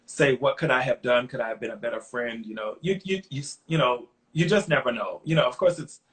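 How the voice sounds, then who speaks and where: A middle-aged man, a songwriter guest in an interview, telling lively anecdotes and acting out other people's lines, earnest and openly emotional when he reflects. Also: medium pitch, a little fast. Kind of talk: conversational interview storytelling.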